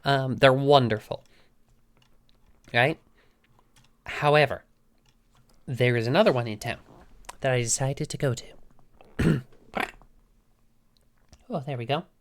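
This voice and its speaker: A woman's voice: very deep voice, slow pace, pauses often. A woman streamer telling a story to her chat in a casual, sweary way, laughing often. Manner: animated, sweary, frequent laughs.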